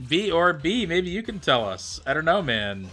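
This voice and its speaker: A man's voice: on the high side, very animated, moderate pace, pushed and bright, faint music behind. A man from the United States streaming a game live, chatting casually and answering his viewers' messages. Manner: chatty, thinks aloud, reads out and answers chat. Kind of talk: casual chat with viewers while gaming.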